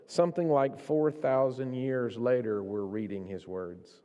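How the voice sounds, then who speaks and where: A man preaching a sermon in a church, his delivery swinging between hushed, slow stretches and raised, impassioned ones. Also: medium pitch, narrow, tinny audio. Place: church sanctuary. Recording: long reverb of a church hall.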